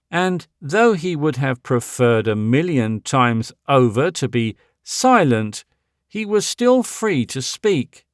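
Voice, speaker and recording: A man narrating a Victorian novel as an audiobook, measured and dramatic. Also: fairly high pitch, no echo, clean studio sound.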